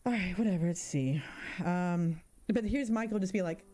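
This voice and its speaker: A woman's voice: on the low side, normal speed. A woman in her thirties doing casual let's-play commentary, joking around and spooking easily. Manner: animated, jokey, easily spooked. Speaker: gaming streamer.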